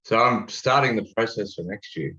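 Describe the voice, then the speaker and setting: A man's voice: lowish voice, moderate pace, sharp tone. A man from Australia with an Australian accent, a guest telling stories in a laid-back, jokey way. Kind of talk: casual interview chat. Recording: echoey, dull-sounding room.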